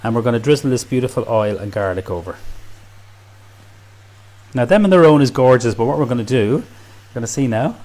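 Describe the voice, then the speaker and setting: A man's voice: medium pitch, lively intonation, a little fast, long pauses, darkish tone. An Irish man demonstrating a recipe in a kitchen, chatty and enthusiastic, full of praise for the food. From Ireland. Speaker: cook. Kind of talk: cooking demonstration.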